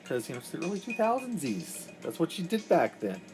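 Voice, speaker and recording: A man's voice: a little high, wildly swooping pitch, brisk, over music. A man from Massachusetts, a comic artist telling rambling stories while he inks a drawing. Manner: rambling storyteller. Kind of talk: casual chat while inking.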